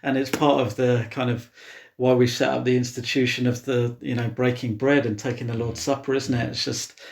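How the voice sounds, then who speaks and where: Man, gravelly mid-pitched voice, reflective and unhurried in his phrasing, Bible chat co-host. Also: level tone. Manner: reflective, with many fillers like "you know" and "kind of". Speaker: co-host of a church Bible podcast. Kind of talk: casual Bible discussion.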